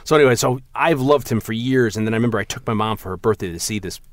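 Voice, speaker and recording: A man's voice: very fast, no echo. A man co-hosting a casual podcast chat about movies, rambling through stories and acting out quotes in a raised voice. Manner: rambling, animated, acts out quotes in a higher voice. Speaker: podcast co-host.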